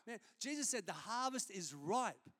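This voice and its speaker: High-voiced pastor preaching. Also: male voice, expressive, moderate pace, fairly bright tone. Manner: conversational storytelling preaching. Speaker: senior pastor. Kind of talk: sermon. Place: church service.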